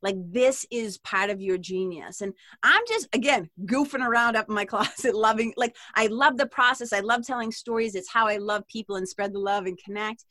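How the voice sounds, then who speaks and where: A woman with a Boston accent talks as a podcast guest in a loose, animated way, laughing and swearing freely. Her voice is bright and a little high. The recording is dry and close. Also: moderate pace, hardly any pauses, dry recording. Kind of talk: casual interview chat.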